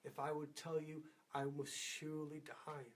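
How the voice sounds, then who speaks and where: A man's voice: on the high side, completely flat delivery, moderate pace, close to an everyday voice. A man voicing a farm master in a storybook fable, speaking formally and courteously. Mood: solemn. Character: old-fashioned farm master, gentle husband.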